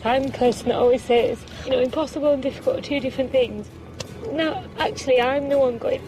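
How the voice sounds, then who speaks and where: A woman's voice: high voice, a little fast, over music, low-quality recording. A woman training outdoors on a beach, chatting in a teasing, self-mocking way. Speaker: charity challenge participant. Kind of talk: casual chat while training.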